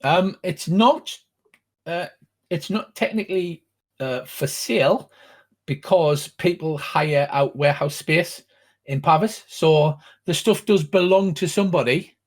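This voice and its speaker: A man's voice: fairly high pitch, slightly rough. Patient man running a tabletop game. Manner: measured, explains rules patiently. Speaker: game master.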